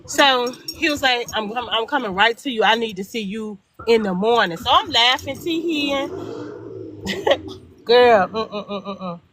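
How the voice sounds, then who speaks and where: A middle-aged woman telling a personal story in casual chat, animated and emphatic, acting out both sides of the dialogue. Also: fairly high pitch, moderate pace, few pauses, crowd noise. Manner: emphatic repetition. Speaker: guest storyteller.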